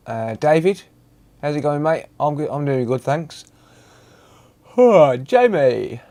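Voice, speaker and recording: A man's voice: fairly high pitch, expressive, slow pace, mellow. A man hosting a casual live stream, greeting viewers by name and chatting loosely.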